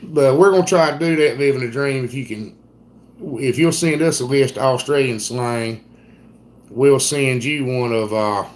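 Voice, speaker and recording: Easygoing male live host from the Pacific Northwest, chatty and mid-pitched. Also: normal speed. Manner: easygoing, chatty, greets viewers by name. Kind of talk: casual live-stream chat.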